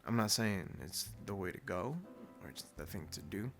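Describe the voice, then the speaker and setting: A man's voice: low-pitched, moderate pace, fairly bright tone, soft background music. A man in his twenties hosting a podcast, telling a story in blunt, casual talk full of swearing and "dude.". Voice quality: gravelly. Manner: blunt, heavy swearing, says "dude" often. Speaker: podcast host.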